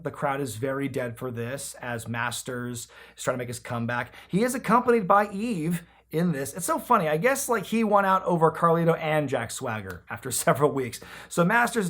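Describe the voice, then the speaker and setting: A man hosts a wrestling recap show, talking in a casual, joking way and swearing freely. His voice sits a bit high and moves a lot as he acts out what people said. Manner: animated, jokey, swears casually, acts out quotes. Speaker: podcast host recapping wrestling episodes.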